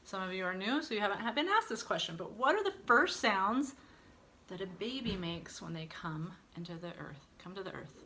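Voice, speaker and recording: A woman's voice: mid-range voice, lively intonation, fairly quick, sharp tone. A woman singing teacher leading an online lesson, encouraging students and demonstrating vocal exercises.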